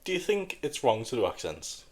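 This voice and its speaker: A man's voice: mid-range voice, wildly swooping pitch, a little fast. A man hosting a casual podcast, bantering crudely with lots of swearing and laughter. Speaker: podcast host.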